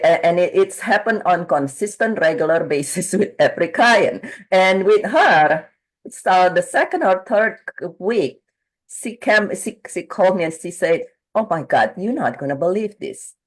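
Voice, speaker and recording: Woman coach retelling a client story. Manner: rambling with restarts, acts out quotes in higher voice. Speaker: grief coach. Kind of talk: conversational interview.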